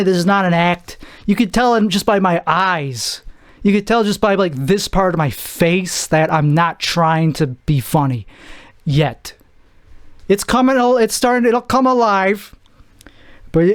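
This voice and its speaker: A young man hosting a solo podcast, rambling and self-deprecating with halting restarts, out of breath. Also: high voice. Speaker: podcast host. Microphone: camera mic.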